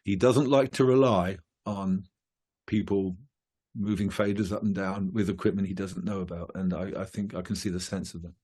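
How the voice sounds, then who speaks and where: A man's voice: deep voice, fairly even intonation, moderate pace, a little mellow, husky. A male musician chatting casually in an interview, rambling with many fillers and restarts. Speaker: guest musician.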